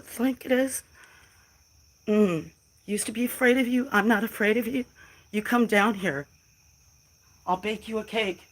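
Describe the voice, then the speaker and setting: A woman's voice: lowish voice, poor audio. Defiant woman livestreaming from her phone. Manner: defiant, emotional, addressing trolls directly. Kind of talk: casual live stream talk to chat.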